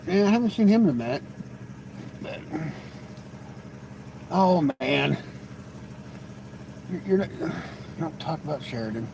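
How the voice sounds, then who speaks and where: A man's voice: on the high side, big pitch swings, measured pace, vocal fry, pauses often, noisy background. A man hosting a live stream, chatting casually with viewers in a rambling, teasing way, often stammering into restarts. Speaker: livestream host.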